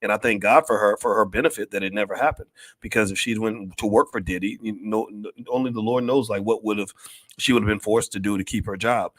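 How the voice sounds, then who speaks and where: An older man with a low-pitched voice delivers preachy livestream commentary, repeating his points for emphasis. The sound is dry and close, with no room around it. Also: no room sound. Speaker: commentator and finance educator.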